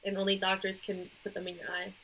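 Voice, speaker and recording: Podcast co-host, young woman, bright tone, teasing and easygoing. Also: medium pitch, completely flat delivery, fast, gravelly, low-quality recording. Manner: playful, teasing. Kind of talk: casual chat.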